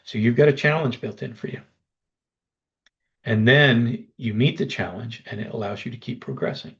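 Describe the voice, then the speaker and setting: A man with a gravelly, fry-edged voice at a middling pitch presents a webinar pitch. He talks persuasively and addresses the listeners directly. The recording sounds dull and lo-fi. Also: normal speed, fairly bright tone.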